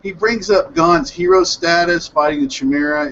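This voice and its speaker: A man hosting an online hangout, excitedly recapping an anime episode in a rambling, self-correcting way over a headset mic on a video call. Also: on the high side, moderate pace, dull audio, slight background noise. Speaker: hangout host reviewing anime. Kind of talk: casual group hangout chat.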